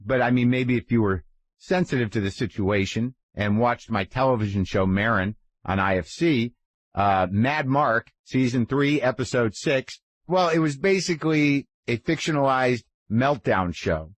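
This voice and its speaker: A man's voice: medium pitch, normal speed, no room sound. A man in his fifties hosting a podcast, talking in a rambling, profane, self-deprecating monologue. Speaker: podcast host. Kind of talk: casual monologue.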